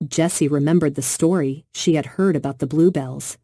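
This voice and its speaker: Woman narrator, children's story, low voice, dark mellow tone, gentle and expressive. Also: moderate pace, hardly any pauses, no echo, studio quality.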